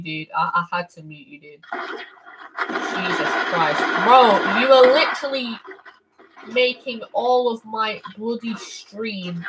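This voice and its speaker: A woman streams a game over a headset, excitable and quick to exclaim, now and then shouting. Her voice sits at a middle pitch. A steady background noise with clicks runs under her speech. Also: low-quality recording. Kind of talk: casual gaming stream commentary.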